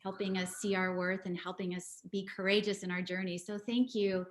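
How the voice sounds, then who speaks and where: A woman's voice: mid-range voice, little pitch movement, brisk. A woman on a video call from her home, giving an earnest tribute with frequent ums. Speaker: party guest. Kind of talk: heartfelt tribute speech.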